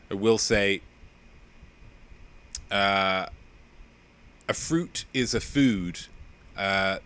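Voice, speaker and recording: A man hosting a live-streamed quiz, playful and mock-pompous as he chats with viewers. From England. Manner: playful, mock-pompous, lively swings in pitch. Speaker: quiz host.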